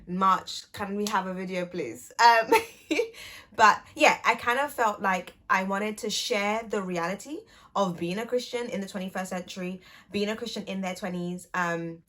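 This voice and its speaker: A woman in her twenties speaks straight to camera in a relaxed catch-up vlog. She is chatty and playful and often pokes fun at herself. Her voice sits at an ordinary middle pitch for a woman. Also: moderate pace. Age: 20s. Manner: chatty, playful and self-teasing, with light laughs. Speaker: YouTuber and speech and language therapist.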